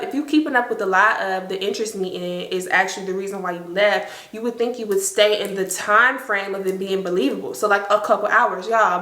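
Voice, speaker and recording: A young woman, telling an animated, slangy storytime to her viewers. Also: mid-range voice, reverberant. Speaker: storytime vlogger. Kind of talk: casual storytime.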